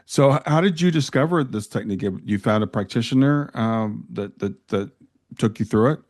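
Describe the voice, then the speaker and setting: A man's voice: mid-range voice, moderate pace, darkish tone. A male podcast host asks a guest curious questions, with short affirming replies in between. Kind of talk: interview questions.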